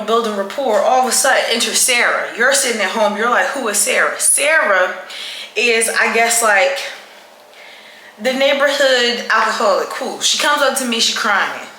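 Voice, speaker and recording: Woman vlogging at night, bright voice, kinda high, echoey room, animated storytelling. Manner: animated, chatty, with dramatic retelling. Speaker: travel vlogger. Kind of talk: casual storytelling to camera. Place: indoors at night during her night routine. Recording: echoey room with faint background noise.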